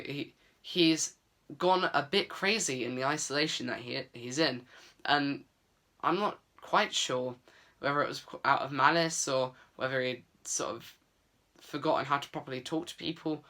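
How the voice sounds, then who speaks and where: A man's voice: mid-range voice, sharp tone. A man giving a casual, earnest book review vlog, chatty with many fillers.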